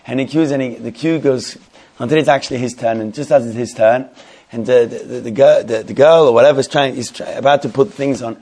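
Speaking at a medium pitch, a man leading a Torah class recounts a story in a fast, lively way, frequently repeating phrases and starting sentences over.

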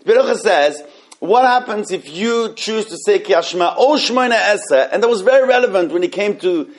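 A man teaching an informal Torah class, animated and halting, often restarting his sentences. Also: high-pitched.

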